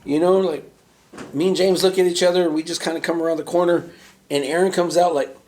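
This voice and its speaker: A man's voice: high-pitched, fast, slight background noise. A man hosting a podcast, telling a profane workplace story in casual chat and acting out the quoted voices. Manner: animated storyteller, acts out quotes in raised voice; casual, profane, many fillers like "right?" and "you know". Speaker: podcast host.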